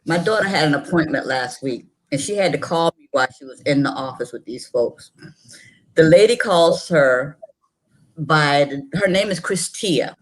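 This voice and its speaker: A woman's voice: deep voice, expressive, moderate pace, hardly any pauses, low-quality recording. Woman telling a story on a panel. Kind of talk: casual panel chat.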